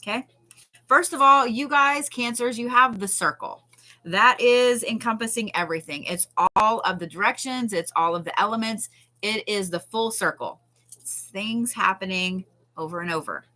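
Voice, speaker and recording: A woman's voice: mid-range voice, moderate pace, sharp tone. A woman giving a chatty live tarot reading, swearing casually and reassuring her viewers. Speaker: tarot reader. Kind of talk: live-stream card reading.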